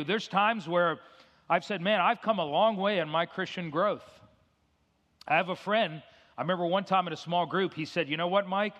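A middle-aged male pastor delivers a sermon with a slightly raised pitch. His style is conversational, and he acts out dialogue as he tells his stories. The voice rings with the long reverb of a church hall. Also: fairly bright tone. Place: church sanctuary.

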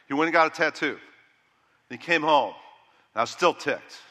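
A middle-aged man preaching a sermon with animated delivery, rising loud and dropping to a hush. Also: a little high, moderate pace, long pauses, big-room sound. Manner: animated preaching that rises loud and drops to hushed. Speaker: pastor.

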